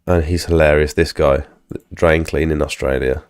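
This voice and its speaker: A man's voice: rumbling low, steady tone, moderate pace, a little mellow, clean tone. A man who is feeling ill, chatting casually on a live stream about his pressure washing business, rambling with lots of fillers.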